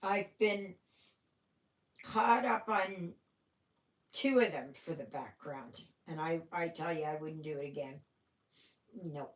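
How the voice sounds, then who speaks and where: A woman's voice: sits low, slow, long pauses. A middle-aged woman hosting a cross-stitch livestream, chatting casually with viewers, yawning and trailing off now and then. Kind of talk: casual chat with live viewers. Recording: echoey room.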